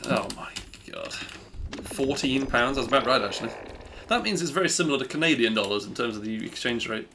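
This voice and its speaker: A man's voice: mid-range voice, animated, a little fast, pushed and bright, slight background noise. A young man live-streaming a speedrun, chatting casually and teasing himself about his mistakes. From Britain. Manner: rambling, self-deprecating, chatty.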